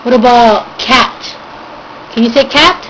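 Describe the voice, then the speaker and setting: A woman's voice: a little high, slow pace, a bit bright. A young woman feeding a toddler at home, coaxing her with short, repeated commands. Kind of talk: coaxing a small child at mealtime. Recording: noisy home video.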